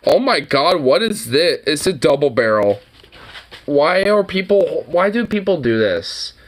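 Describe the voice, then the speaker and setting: Animated man reacting to gun clips. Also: a little high, unhurried, slight background noise. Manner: animated, swearing, laughing at clips. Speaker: reaction video host. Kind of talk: casual reaction commentary.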